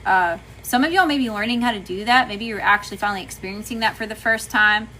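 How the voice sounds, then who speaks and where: Bright-voiced chatty Southern woman. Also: medium pitch, quick pace, slight background noise, rough recording. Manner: chatty, folksy, says y'all often. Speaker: tarot reader on a livestream. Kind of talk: casual livestream tarot reading, greeting chat.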